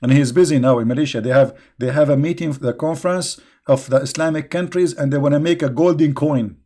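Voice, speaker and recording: A man's voice: on the high side, brisk, mellow. A man hosting an online religious debate who mocks, laughs at his own jokes and keeps throwing rhetorical questions at his listeners, speaking with non-native grammar. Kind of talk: sarcastic religious debate talk.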